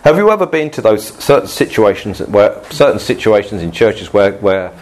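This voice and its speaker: A male pastor giving a relaxed, good-humoured sermon to his congregation, often laughing and restarting his sentences. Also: lowish voice, moderate pace.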